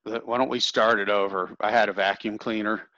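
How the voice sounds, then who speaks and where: A man's voice: on the low side, fairly even intonation, fairly quick, bright, forceful tone. A man interviewing a guest, mostly giving short replies. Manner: brief backchannel replies. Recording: dull lo-fi audio.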